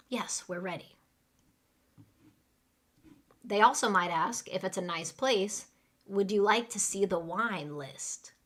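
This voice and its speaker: A woman with an American accent teaching English phrases in a live online lesson, saying each phrase slowly and then fast for students to repeat. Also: mid-range voice.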